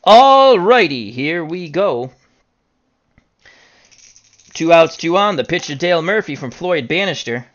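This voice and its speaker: A man calling a tabletop baseball dice game as a jokey, excitable play-by-play announcer. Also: fairly high pitch, measured pace, pauses often, lo-fi sound.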